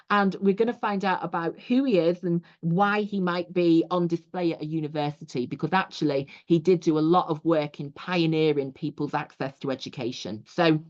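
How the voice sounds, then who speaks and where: A woman's voice: on the low side, darkish tone. A young adult woman from England, a teacher giving a recorded lecture over slides, explaining steadily with frequent 'you know' asides. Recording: dull lo-fi audio.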